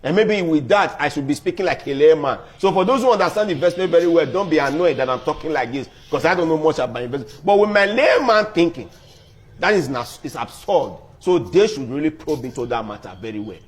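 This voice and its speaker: A man's voice: on the high side, expressive, fairly quick. A man earnestly arguing a point in plain, layman's terms. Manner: earnest, self-deprecating, argumentative. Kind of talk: opinion talk.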